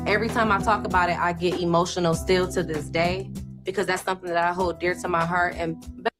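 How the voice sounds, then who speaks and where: A woman talks earnestly and emotionally in a reality show confessional. Clear music plays under her voice, like an edited show clip. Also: fairly low pitch, flat delivery, fairly quick. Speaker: dating show contestant.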